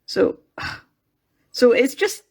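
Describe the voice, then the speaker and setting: A woman's voice: extremely slow, darkish tone. A woman with a Scottish accent chatting casually on a live stream from a workshop in a mill, rambling and wandering off on tangents while she sculpts. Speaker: craft livestreamer. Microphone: phone.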